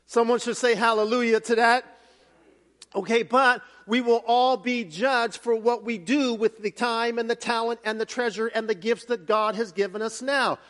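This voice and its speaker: A pastor with a strikingly high voice preaches a sermon at a moderate pace. He tells his story animatedly, stumbling through fillers and restarts along the way.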